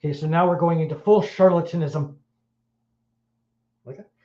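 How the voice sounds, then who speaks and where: A man's voice: on the high side, steady tone, moderate pace, mellow. Middle-aged man from Wales, blunt crude podcast host, roomy echo, muffled lo-fi sound. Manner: blunt, crude, rambling with many fillers. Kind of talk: casual chat.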